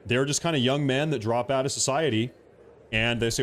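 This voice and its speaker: A man's voice: medium pitch, steady tone, fairly quick. Guy rambling on his home livestream, jokey, repeats stuff, faint hiss behind. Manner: rambling, joking, repeats himself. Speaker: political livestream host. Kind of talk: casual live commentary.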